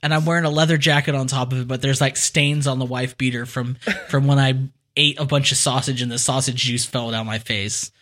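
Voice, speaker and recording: A man's voice: medium pitch, fairly even intonation, a little fast, few pauses, a bit bright. A man from California, co-hosting a podcast in casual chat, laughing often and joking. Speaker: podcast co-host.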